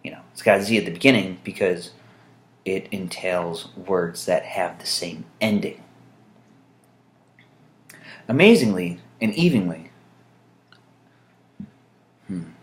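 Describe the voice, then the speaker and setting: A man rambling to his camera in a loose, jokey monologue. His pitch swings freely, and he drifts between asides with plenty of ums. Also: animated, takes it slowly, long pauses. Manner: dry, jokey, meandering with fillers. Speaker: vlogger.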